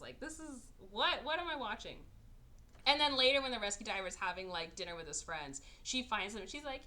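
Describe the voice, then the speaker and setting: Bright, animated woman recapping a movie. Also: fairly high pitch, moderate pace. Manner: animated, sarcastic, acts out characters in exaggerated voices. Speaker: podcast host. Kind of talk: casual movie recap chat.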